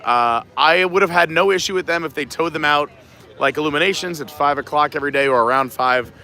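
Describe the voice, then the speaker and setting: A chatty man with a bright, forward voice and a fairly high pitch hosts a live stream while he walks through an outdoor theme park. He jokes with his friends and drops tour-guide asides, talking into a handheld phone. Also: fairly quick. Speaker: live-stream vlog host. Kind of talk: casual chat while walking.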